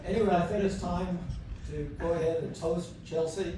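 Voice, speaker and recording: A man's voice: high-pitched, level tone, moderate pace. Man toasting at a noisy party. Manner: joking, storytelling, laughing along. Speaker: wedding toast speaker. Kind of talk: wedding toast. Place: indoor party venue. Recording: echoey hall from far off, loud party noise.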